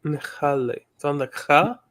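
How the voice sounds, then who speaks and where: A man studying in an online class, working through answers slowly and hesitantly over a video call. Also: fairly high pitch, fairly bright tone. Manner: slow and hesitant, thinking aloud while parsing words. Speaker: student in an online language class. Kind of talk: casual online class discussion.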